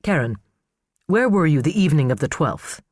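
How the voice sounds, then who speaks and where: A man voicing a calm, persistent male defense lawyer who questions in a measured, prodding way. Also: a little high, dry recording, clean studio sound. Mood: coaxing.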